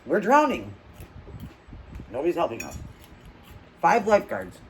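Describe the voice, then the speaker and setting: A woman hosting her own channel, telling a story in a loose, chatty way, getting louder and higher at tense moments and dropping to low murmurs between them. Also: measured pace, slight background noise, rough recording. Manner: animated retelling with acted quotes, trailing off into low murmurs. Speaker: channel host. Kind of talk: casual storytelling while eating.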